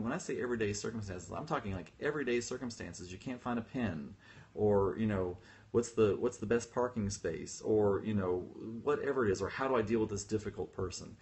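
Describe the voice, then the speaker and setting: Chatty man with a low voice. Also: a little mellow. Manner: chatty, self-deprecating, laughs often. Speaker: spiritual teacher. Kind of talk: casual livestream talk. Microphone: phone livestream.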